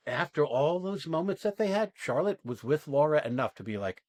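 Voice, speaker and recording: A man coaching actors after an exercise, talking casually and acting out quoted lines in animated bursts, often asking "right?" and swearing now and then. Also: fairly high pitch, a little fast, hardly any pauses, no room sound. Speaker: acting coach and podcast host.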